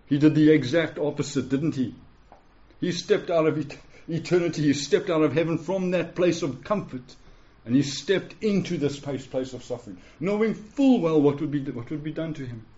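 A man's voice: a little high, moderate pace, mellow. A man preaching a sermon in an earnest, pleading way, often asking his listeners "yeah?". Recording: dull lo-fi recording.

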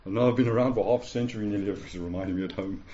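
A man in his forties delivers a sermon in a warm, relaxed voice, pressing his points by repeating them and asking his listeners "yeah?". The recording is dull and lo-fi. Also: lowish voice, rapid-fire, a little hiss or hum. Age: 40s. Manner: emphatic, repeats phrases, asks the room "yeah?". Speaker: pastor. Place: church hall with a live congregation.

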